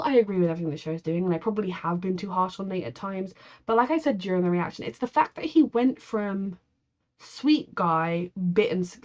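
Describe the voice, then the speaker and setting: A woman's voice: medium pitch, darkish tone, highs cut off. A woman giving chatty, opinionated commentary on a TV episode, swearing and using plenty of fillers. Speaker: TV reaction vlogger. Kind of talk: casual TV reaction commentary.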